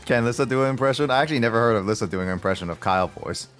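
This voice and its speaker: A man's voice: mid-range voice, rapid-fire, a bit bright, soft background music. A young man streaming a game, chatting casually, laughing often and musing aloud about the game. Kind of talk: casual chat while gaming.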